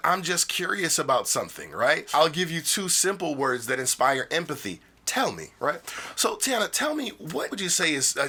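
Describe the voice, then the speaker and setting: A man as a sales trainer on a podcast, playful and animated, acting out phone calls and laughing often. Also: medium pitch. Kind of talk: podcast conversation.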